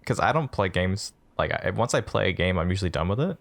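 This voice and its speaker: A man's voice: deep voice, big pitch swings, fast talker, vocal fry. A man on a podcast, curiously asking the others questions. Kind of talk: casual podcast chat.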